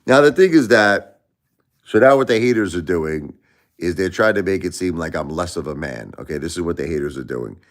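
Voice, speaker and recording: A middle-aged man from Brooklyn, New York rants casually to his live-stream viewers in a deep, animated, brisk voice. He repeats himself and stammers as he goes.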